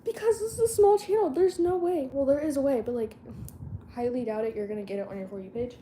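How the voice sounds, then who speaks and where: A woman's voice: high voice, fast, dark tone, slight background noise. A teenage girl vlogging in a casual chat, rambling and slangy and often losing her train of thought.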